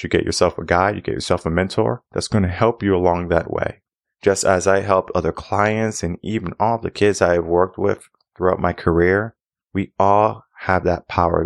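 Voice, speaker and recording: A man's voice: creaky, dry recording, studio quality. A man hosting his own podcast as a mindset coach, telling a story earnestly and acting out the dialogue by lifting his voice. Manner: earnest, repetitive, acts out dialogue with a higher voice.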